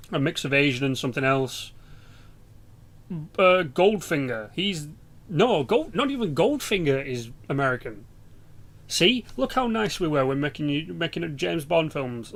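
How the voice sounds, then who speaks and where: A man's voice: a little high, fairly bright tone. A young British man rambling through casual, sweary game commentary as a channel host. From Britain.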